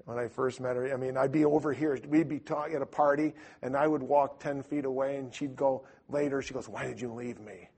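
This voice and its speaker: A middle-aged man preaching a sermon with a husky voice, telling stories and acting out the voices in them. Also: mid-range voice, brisk, hardly any pauses. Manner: animated storyteller who acts out voices in his stories. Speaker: preacher or Bible teacher. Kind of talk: storytelling sermon to a live audience.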